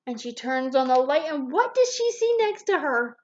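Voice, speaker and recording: A woman reading a picture book aloud to a child, animated and pointing things out with little gasps. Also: sits high, moderate pace, lo-fi sound. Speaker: storybook reader.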